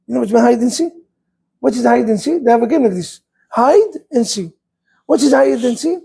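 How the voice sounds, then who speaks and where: A man's voice: very high-pitched, vocal fry, dark tone, breathy edge, low-quality recording. A man, a rabbi, preaching an impassioned sermon full of rhetorical questions.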